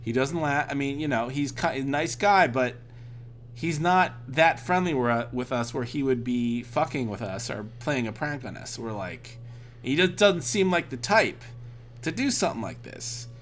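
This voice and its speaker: A man's voice: medium pitch, animated, moderate pace, a bit bright, soft background music. A man streaming while drinking, telling a rambling, profane anecdote in a casual way. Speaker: art streamer. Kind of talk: casual storytelling on a livestream.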